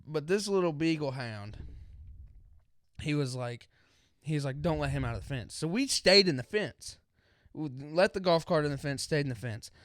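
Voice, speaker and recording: A man's voice: on the high side, expressive, moderate pace, fairly bright tone, no room sound, clean studio sound. Laid-back young man telling stories. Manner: laid-back, drawling storyteller, says "dude" a lot. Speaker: podcast co-host. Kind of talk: casual storytelling chat.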